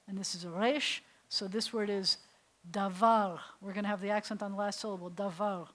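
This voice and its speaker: A woman rabbi teaching beginners in an easygoing, chatty way. Her pitch sits in a middle range, and she keeps things playful with jokey asides. She mutters to her computer while she works. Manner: talks aloud to her computer while working. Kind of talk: casual beginner language lesson.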